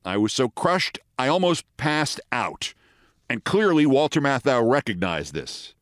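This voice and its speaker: Casting: man in his 60s, wry host, lively intonation, dry close sound with no room echo. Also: mid-range voice, measured pace. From the Bronx, New York. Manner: wry, dry, precise delivery. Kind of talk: storytelling monologue.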